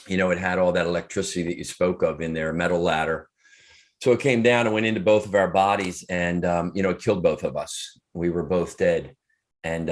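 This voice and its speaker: A man in his fifties, an author and speaker, earnestly telling a personal story in an interview, with frequent restarts. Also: deep voice. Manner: earnest, reflective, halting with restarts.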